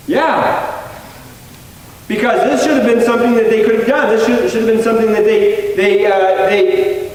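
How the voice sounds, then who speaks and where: High-voiced preacher in an echoey hall. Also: male voice. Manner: earnest, conversational, with frequent restarts. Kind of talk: sermon. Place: church sanctuary. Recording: echoey church hall, mic far off.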